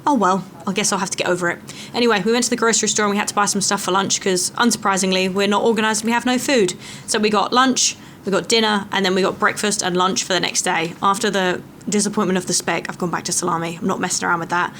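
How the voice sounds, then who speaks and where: A young woman talks through her hiking day at a quick clip. Her tone is chatty and self-mocking, like a travel vlogger. Wind and outdoor noise sit clearly under her voice. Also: medium pitch, fairly even intonation, a bit bright. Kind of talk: casual travel vlog narration. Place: outdoors on a mountain trail.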